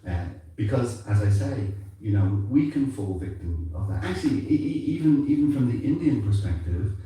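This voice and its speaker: A man's voice: mid-range voice, animated, normal speed, mellow. A man from England with an accent mixing English and Irish, giving a conversational sermon full of "you know" asides. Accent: mixed English and Irish. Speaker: temple speaker. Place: temple hall. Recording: echoey hall from a distance.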